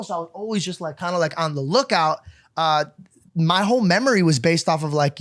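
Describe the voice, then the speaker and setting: A man telling a story in casual podcast chat, animated and laughing, peppered with slang. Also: fairly high pitch, brisk, no room sound, clean studio sound. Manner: animated, laughs often, uses slang like "bro". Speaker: podcast co-host.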